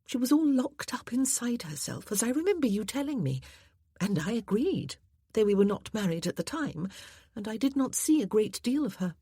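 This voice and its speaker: A woman plays a sensible young wife in a period audiobook. Her voice is soft and coaxing. The tone is slightly husky and the recording is dry. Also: a little high, very animated, normal speed, no echo, voice pushed up, heavily acted.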